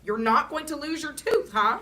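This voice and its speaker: A woman voicing a patient, kindly grandfather who speaks gently and soothingly. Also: sits high, normal speed, voice pushed up. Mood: gentle.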